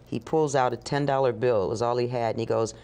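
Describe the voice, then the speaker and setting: A woman telling a story as an interview guest, animated and acting out the voices of the people in it. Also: a bass voice, quick pace. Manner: animated, acts out dialogue with laughs.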